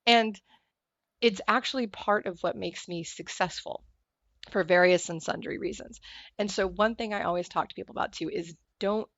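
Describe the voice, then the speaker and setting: A woman's voice: mid-range voice, moderate pace, dry recording, highs cut off. A woman guest on a podcast interview, talking candidly and acting out the voices of people in her stories with bursts of laughter. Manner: animated storyteller acting out quoted voices with laughter.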